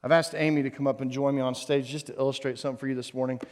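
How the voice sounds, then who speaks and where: A male pastor preaching a sermon on stage, animated and jokey, swinging between loud emphasis and hushed tones. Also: medium pitch, very fast, long reverb tail. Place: church stage before a congregation.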